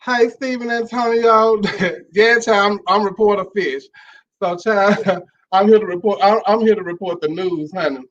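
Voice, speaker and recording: Sassy guy hosting a late night stream show, high voice, calls everyone honey, muffled lo-fi audio. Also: moderate pace. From Monroe, Louisiana. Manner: sassy, animated, calls viewers child and honey. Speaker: talk show host. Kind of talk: casual live-stream talk show.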